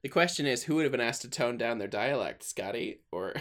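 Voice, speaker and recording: A man's voice: mid-range voice, lively intonation, fairly bright tone, a little hiss or hum. A man co-hosting a casual movie podcast, chatting and laughing often. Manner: laughs often, quick asides. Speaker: podcast co-host. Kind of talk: casual chat with movie quote impressions.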